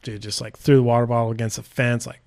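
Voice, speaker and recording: A man's voice: medium pitch, fast, no room sound, clean studio sound. A man from South Dakota, a bike race mechanic, telling stories in a laid-back, casual way on a podcast, full of "like" and "dude". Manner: laid-back, heavy on "like" and "dude", animated retellings. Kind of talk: casual storytelling interview.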